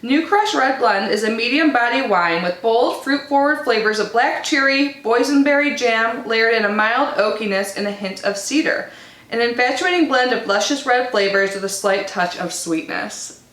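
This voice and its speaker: A chatty woman with a higher-pitched voice, unboxing a subscription box at home. She talks in a bubbly, casual way and reads the product cards aloud. The room is noticeably echoey. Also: moderate pace, a bit bright.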